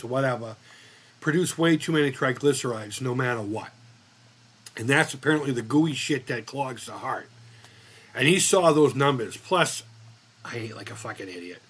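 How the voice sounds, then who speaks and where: A man's voice: mid-range voice, normal speed, a bit bright, breathy edge. A man hosting a casual livestream chat, telling long stories in a rambling way and swearing freely. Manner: profane, rambling storyteller. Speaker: livestream host.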